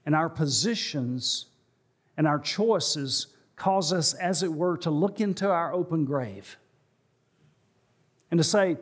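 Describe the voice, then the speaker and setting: A male pastor preaching a sermon in a church, telling a story and slowing and rising in pitch for emphasis. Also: expressive, husky. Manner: storytelling, slows and rises for emphasis. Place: church sanctuary.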